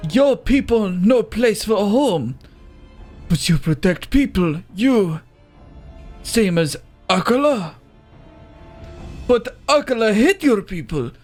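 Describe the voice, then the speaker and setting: A gamer shouting as a brutish broken-English villain. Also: medium pitch, big pitch swings, takes it slowly, long pauses, soft background music. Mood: accusing. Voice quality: clipped broken speech, shouting. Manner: blunt, threatening. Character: gruff hostile male tribal leader who talks in broken English. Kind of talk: reading game dialogue aloud in character.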